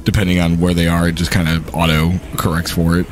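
A young man livestreaming a shooter game, cursing and ranting excitedly at the screen in casual gaming talk. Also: sits low, fast. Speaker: streamer playing a shooter game.

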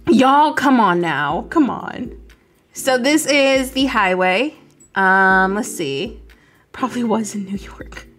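A woman's voice: a little high, expressive, takes it slowly, a bit bright, soft background music. Chatty young woman streaming a game. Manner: chatty, laughing, rambling with fillers. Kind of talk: casual game stream chat.

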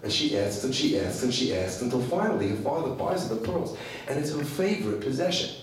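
A rabbi giving an animated sermon, telling stories and asking rhetorical questions. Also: male voice, mid-range voice, fairly quick, a little hiss or hum. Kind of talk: sermon with storytelling. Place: large hall at a women's gathering. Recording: echoey hall from far off.

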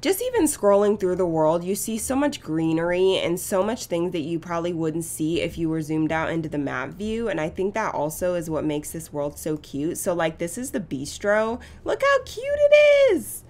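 A woman giving casual gameplay commentary as a channel host, chatty and gushing with excitement. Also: lowish voice, moderate pace, hardly any pauses. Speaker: gaming YouTuber.

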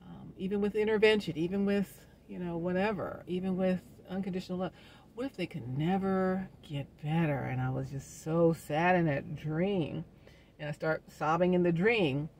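A woman's voice: fairly low pitch, normal speed, vocal fry, slight background noise. A woman hosting a wellness show, talking through her thoughts in a casual, soul-searching monologue and coming back to the same questions again and again. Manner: gentle, faith-minded encouragement. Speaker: host of a wellness community show.

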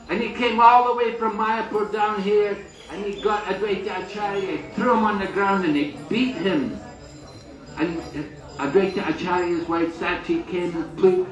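Man, sermon storytelling, fairly high voice, echoey, heard from a distance, unhurried, acted quotes. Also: faint music behind. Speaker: swami giving a talk at a holy site. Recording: echoey, voice from away from the mic.

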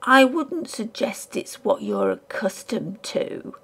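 A woman voicing a sly, creepy male collector who speaks in a high, hushed, insinuating voice. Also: lively intonation, slow pace, vocal fry, breathy edge, heavily acted.

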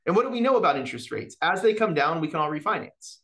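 A man giving an animated mortgage market presentation to real estate agents, often tagging his points with "right?" and acting out client conversations. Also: on the high side, fast. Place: office meeting or online session with chat.

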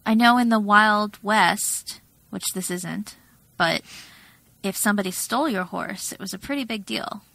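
A woman co-hosting a podcast in casual chat, measured and explanatory, laughing easily. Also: medium pitch, gravelly, bright, forceful tone, poor audio. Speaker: podcast co-host.

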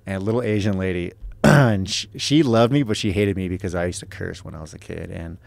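Deep, fast-talking man. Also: vocal fry, dry recording. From Los Angeles, USA. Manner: profane, rambling with frequent "right?". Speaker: podcast guest, fighter. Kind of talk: casual storytelling.

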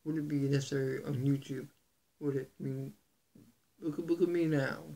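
A man vlogging to his viewers in an earnest, halting, soft-spoken way, with a gravelly, husky voice. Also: mid-range voice, steady tone. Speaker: YouTuber. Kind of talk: casual vlog to camera.

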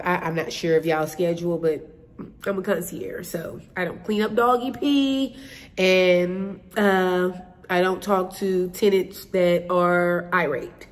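A woman with a slightly low voice tells a story in a loose, conversational way. She talks straight to her viewers, calls them y'all and laughs often. She is recording indoors at her workplace. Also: steady tone, takes it slowly. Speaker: vlogger and building concierge. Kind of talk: casual storytelling vlog.

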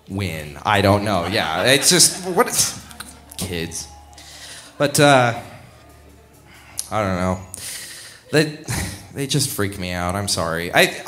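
A man's voice: mid-range voice, sharp tone. Rambling young male stand-up comic. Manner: rambling, self-deprecating, laughs at own jokes. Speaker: stand-up comedian. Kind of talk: live stand-up set. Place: comedy club stage.

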